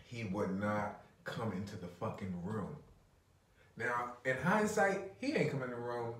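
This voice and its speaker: A man's voice: mid-range voice, a little slow, a bit bright. A man in his thirties, a podcast co-host, telling a story in casual chat, laughing and swearing a lot. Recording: roomy, distant mic.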